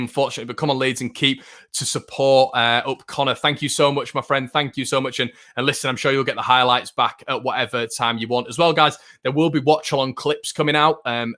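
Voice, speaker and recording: A young man hosting a live football watchalong stream, chatting casually and reading out viewer comments with lots of fillers and restarts. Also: medium pitch. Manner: chatty, filler-heavy, frequent restarts, excitable fan.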